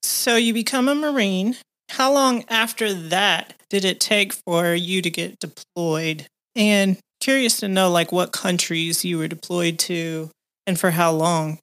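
A woman interviewer asking calm, curious questions. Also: fairly low pitch, a little slow.

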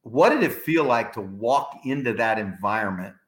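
A man hosting a casual sports interview, an animated storyteller who swears his stories are true. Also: medium pitch, moderate pace. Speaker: podcast host. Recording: roomy echo.

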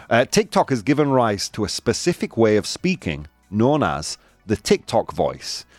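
Male radio host, animated swooping delivery, dry close studio sound, soft music underneath. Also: fairly low pitch, dry recording. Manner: animated, laughs often, switches into Spanish translations. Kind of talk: casual radio chat, reading news items.

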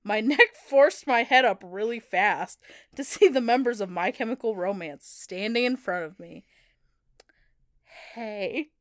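Young woman reading cringey fanfic out loud on a podcast, keeps cracking up, slow unhurried delivery, a bit high voice. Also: no echo, clean studio sound. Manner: reads aloud, often breaking into laughter. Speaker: podcast co-host reading fan fiction aloud. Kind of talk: comedic reading of fan fiction.

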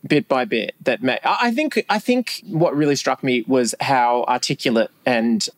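Animated man with a lively, swinging voice. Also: mid-range voice, normal speed, no room sound. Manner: animated, opinionated, emphatic. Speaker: podcast co-host. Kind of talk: casual chat.

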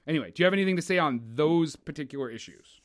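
A man co-hosting a film podcast, opinionated and animated, swearing and mocking actors in casual chat. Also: fairly high pitch, rapid-fire. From Canada. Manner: opinionated, animated, swears, mocks with put-on voices. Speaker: podcast co-host.

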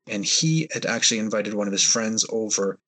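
Male podcast guest, low husky voice, rambling storyteller with fillers. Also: expressive, a little fast, fairly bright tone. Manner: hesitant, rambling retelling with fillers. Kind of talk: storytelling in an interview.

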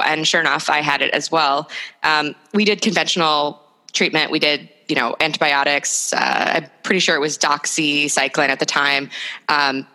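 A woman from the northeastern United States, a guest in an interview, explaining thoughtfully with frequent pauses and "um"s. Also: sits low, bright, forceful tone, poor audio. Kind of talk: interview conversation.

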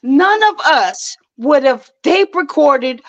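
A woman hosting a casual podcast chat, reacting with expressive exclamations. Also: high-pitched, slow, no echo, highs cut off. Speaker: podcast host.

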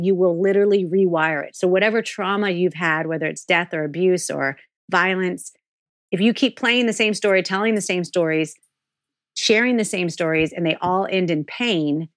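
A woman's voice: lowish voice, no echo, studio quality. A woman in her forties, a guest in a candid podcast interview, talking frankly and with animation and swearing freely.

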